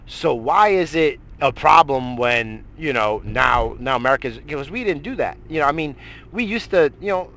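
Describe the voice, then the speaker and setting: A man's voice: mid-range voice, fairly bright tone, a little hiss or hum. A middle-aged man hosting a morning show, ranting heatedly about politics with constant swearing and rambling restarts. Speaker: radio show host. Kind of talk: profane political rant.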